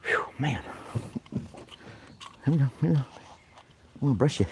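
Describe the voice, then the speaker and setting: A man's voice: mid-range voice, animated, measured pace, noisy background. A man chatting casually as he plays with his dog in a backyard, giving playful commands and chuckling often. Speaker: vlogger and podcast host. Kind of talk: casual chat while playing with his dog. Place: backyard outdoors.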